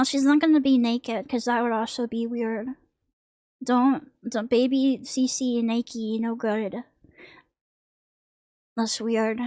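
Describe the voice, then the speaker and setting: A young woman with a high, girlish voice talks slowly and loosely while she draws on stream. She rambles and swears casually, with a dry, close sound from a desk mic. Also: a little mellow, no room sound. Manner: rambling, joking, crude. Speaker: vtuber streamer.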